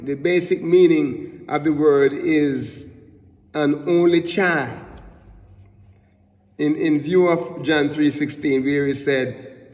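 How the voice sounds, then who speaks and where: A man teaching a Bible lesson in sermon style, halting and repeating his words often as he explains a word's meaning. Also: fairly high pitch, darkish tone, big-room sound.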